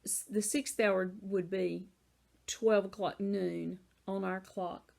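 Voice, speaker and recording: A woman's voice: medium pitch, steady tone, takes it slowly, creaky, darkish tone. A woman with a Southern American accent teaching a Bible lesson in a casual, conversational way, often saying "you know".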